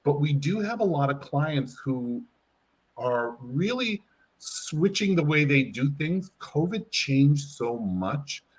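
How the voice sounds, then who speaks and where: With a slightly high, husky voice and a slow pace, a man working as a hair care brand educator walks through a product in an animated interview. He demonstrates it and acts out bits of what clients say.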